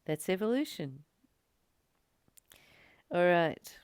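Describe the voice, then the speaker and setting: A woman giving a reflective spiritual teaching, speaking in an animated storytelling way with occasional laughs. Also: fairly low pitch, slow, clear, resonant tone, no room sound, studio quality.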